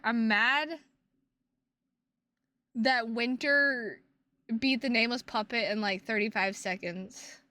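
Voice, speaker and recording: A woman's voice: fairly high pitch, pushed and bright. A woman streaming and chatting casually with her viewers, playful and teasing, with plenty of swearing.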